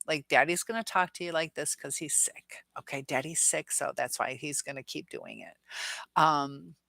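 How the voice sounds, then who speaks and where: Bright-voiced chatty woman hosting a live chat. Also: sits low, moderate pace, gravelly, dry recording. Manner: chatty, laughs often, reads viewer comments aloud. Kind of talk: casual live-stream chat reading comments.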